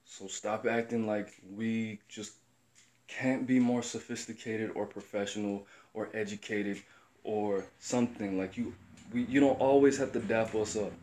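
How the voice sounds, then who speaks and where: A man's voice: lowish voice, fairly even intonation, a little slow, darkish tone. A young man from the Chicago area, talking casually and bluntly to camera, profane and rambling as he tells stories. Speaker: commentator.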